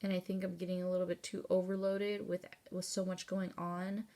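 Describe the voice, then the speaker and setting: In a personal vlog, a woman in her thirties speaks candidly in a lowish, level, mellow voice at a fairly quick pace. She rambles with fillers and the occasional swear word, at times tearful and near crying.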